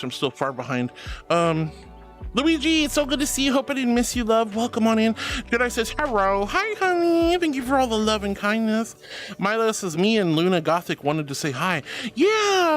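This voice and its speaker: A woman VTuber chatting casually with viewers, reading their messages aloud and calling them honey and sweetie. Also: medium pitch. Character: furry angel VTuber avatar. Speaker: VTuber streamer.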